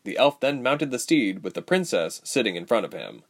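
A man narrating a fantasy story aloud, with steady, expressive storytelling. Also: on the low side, normal speed. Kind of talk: storybook reading.

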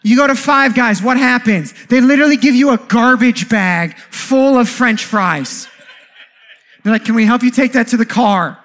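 A man preaching a sermon as pastor, animated, with jokey asides and rhetorical questions. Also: very high voice, normal speed.

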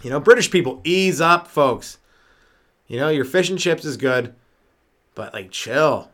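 A sleep-deprived Canadian comedian rambles through his solo podcast, swearing freely and chuckling at his own jokes. His voice sits a little high for a man, loose and unpolished. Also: expressive, measured pace, a bit bright, a little hiss or hum.

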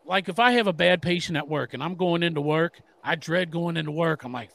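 A man's voice: a little high, fairly quick, creaky, fairly bright tone. A middle-aged man co-hosting a sports podcast, talking in an emphatic, profane, rambling way. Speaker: podcast co-host. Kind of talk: casual sports podcast chat.

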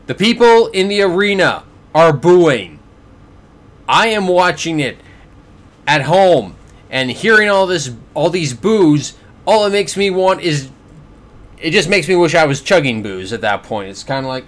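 A Canadian man with a slightly high voice hosting his own podcast. He reviews fights in an exasperated, sarcastic tone, and he stammers and repeats words as he talks. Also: lively intonation, moderate pace. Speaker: podcast host. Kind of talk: casual boxing review.

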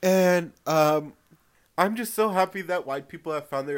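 A man with a fairly high voice runs through celebrity gossip with plenty of sass and drama. He swears freely and leans into every reaction. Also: unhurried. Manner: dramatic, sassy, swears a lot. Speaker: host. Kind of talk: gossip commentary.

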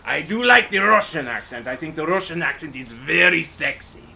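A man's voice: a little high, animated, normal speed, vocal fry, bright, forceful tone, slight background noise. A man, a podcast guest, chatting casually in a put-on Cockney accent and playing with voices.

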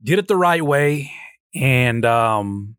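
A man in his thirties hosting a casual solo podcast and telling a story with energy, often jumping into a high voice when he quotes himself. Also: lively intonation, slow pace, fairly bright tone, clean tone, no room sound, clean studio sound. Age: 30s. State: sleep-deprived. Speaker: podcast host.

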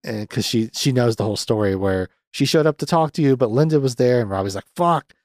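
A man's voice: mid-range voice, quick pace, darkish tone, no echo. A young man hosting a podcast, recapping a film in a casual, sardonic way, swearing freely with lots of fillers. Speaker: podcast host reviewing a movie.

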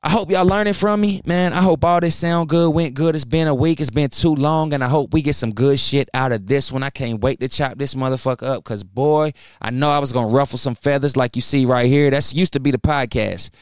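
A man's voice: mid-range voice, a little fast, few pauses, clean tone, dry recording, studio quality. A young man hosting a podcast, ranting bluntly and profanely, heated and preachy. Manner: heated, fired up. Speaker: podcast host. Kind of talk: ranting solo podcast talk.

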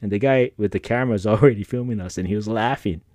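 A middle-aged man chats casually on his podcast, his voice low and mellow. He rambles through personal stories, laughing often and dropping slang. The sound is close and dry, with no room around it. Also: fast, no echo. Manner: laid-back, rambling, frequent laughs and slang. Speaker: podcast host.

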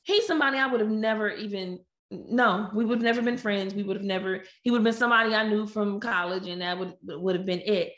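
A woman telling a personal story in a lively, animated way, acting out the quotes. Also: mid-range voice, quick pace. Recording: echoey room.

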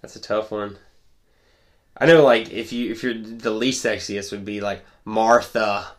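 A young man with a low-pitched voice rambles through a casual podcast chat and laughs often as he tells his stories. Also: steady tone, normal speed. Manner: laid-back rambling storyteller, laughs often. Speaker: podcast co-host.

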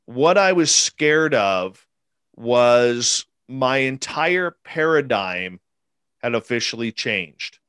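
This interviewee, a man in his forties, has a mid-range, clear, resonant voice that's a bit bright, and he talks slowly but very animatedly. He tells about an encounter emphatically and repetitively, performing the quotes himself. No echo is heard.

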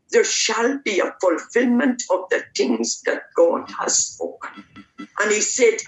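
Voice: medium pitch, a bit bright. A preacher leading fervent, repetitive prayer and preaching at a church service. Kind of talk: prayer and sermon. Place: church service, based near Dublin. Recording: echoey room.

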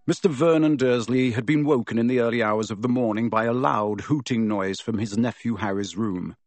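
Man, audiobook narration, expressive storytelling, mid pitch, dry close studio sound. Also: moderate pace, no room sound, faint music behind. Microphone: close studio mic.

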